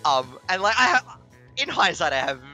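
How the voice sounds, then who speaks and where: A man telling a long personal story in casual chat, animated, swearing and laughing as he goes. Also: sits high, normal speed, faint music behind. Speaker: stream commentator.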